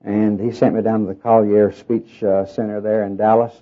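A man's voice: fairly low pitch, flat delivery, moderate pace. A middle-aged man with a Southern US accent and a nasal tone, preaching a sermon in a folksy storytelling way full of fillers and self-deprecating humor. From Oklahoma, raised in Arkansas. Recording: dull lo-fi sermon tape.

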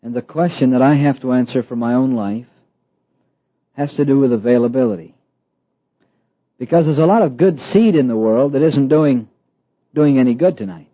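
A middle-aged man preaching a sermon, slow and emphatic, with dramatic pauses and soft asides. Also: medium pitch, dry recording. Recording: dull, lo-fi dry sound.

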